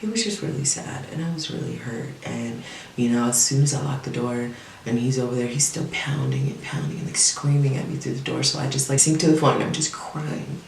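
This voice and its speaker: A woman's voice: rumbling low, fairly quick, gravelly, a little mellow, a little hiss or hum. A woman vlogger telling a personal story in a casual, candid and profane way, full of fillers. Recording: echoey room, mic at a distance.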